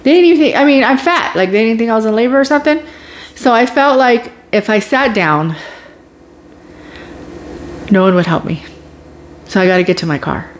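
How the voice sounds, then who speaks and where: A woman's voice: mid-range voice, a little hiss or hum. A woman vlogger telling her own story in a casual, emotional way, with sighs and groans as she relives it.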